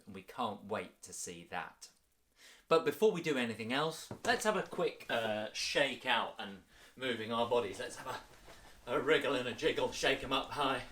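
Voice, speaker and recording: A man leading a children's music workshop, energetic and encouraging, in an upbeat sing-song way. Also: fairly low pitch.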